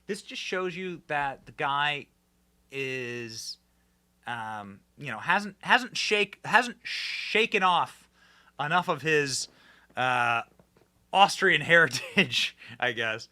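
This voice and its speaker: Bright, animated male commentary host. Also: on the high side, slow. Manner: animated, sarcastic, many fillers and restarts. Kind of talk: casual political commentary.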